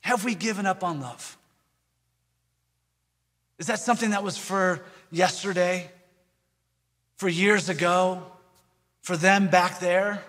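A man's voice: high-pitched, slow, long pauses, fairly bright tone, big-room sound. A man preaching a sermon, earnest, with rhetorical questions and repeated phrases. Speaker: pastor.

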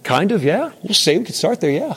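Man teaching a group Bible study, high gravelly voice, casual and full of questions. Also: sing-song, a little fast. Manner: conversational, asks the room questions. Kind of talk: interactive Bible lesson.

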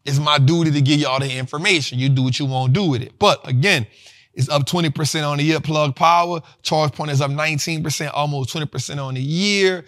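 Animated, bright-voiced slangy man. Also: a little high, fairly quick. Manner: slangy, animated, repeats himself. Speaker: host. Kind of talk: livestream finance talk.

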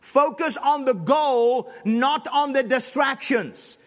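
A man pastor preaching a sermon, repeating emphatic lines and rising to shouts. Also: very high-pitched, slow pace. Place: church sanctuary. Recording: long hall reverb.

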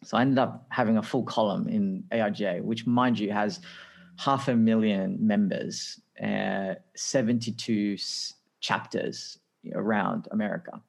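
An Australian man in his thirties, a podcast guest telling his career story in a lively, anecdotal way with frequent laughs. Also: lowish voice, measured pace, creaky. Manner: lively anecdotal, acts out dialogue, laughs often. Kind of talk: casual interview storytelling.

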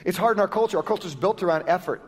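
A man preaches in an easygoing, chatty way and corrects himself mid-phrase as he teaches. His voice sits noticeably high for a man. It has the feel of a relaxed Sunday sermon with a short prayer and scripture teaching. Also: racing, breathy edge. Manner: conversational, lively, self-correcting preaching. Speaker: pastor.

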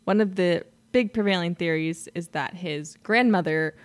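A woman with a slightly low voice co-hosts a casual fan podcast. She explains eagerly and laughs often as she talks. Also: moderate pace. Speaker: podcast co-host.

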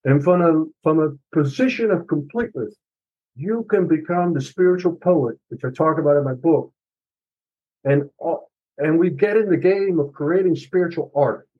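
Husky, earnest middle-aged man. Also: a little high, moderate pace, dull audio. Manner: emotional, earnest and confessional, mild swearing. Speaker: author and podcast guest. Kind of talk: candid personal storytelling.

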